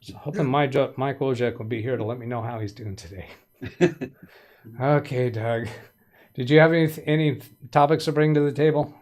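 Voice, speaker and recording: A man's voice: medium pitch, normal speed, a little mellow. A man hosting a casual tech-help live stream from a home studio, chatty, greeting viewers by name and making light puns. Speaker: livestream tech help host.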